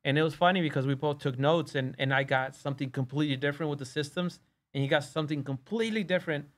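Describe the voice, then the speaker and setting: A man's voice: fairly high pitch, fast talker. A man, a real estate wholesaler guest on a podcast, telling stories in casual chat and acting out quoted dialogue. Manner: animated, acts out quoted dialogue. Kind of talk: casual storytelling.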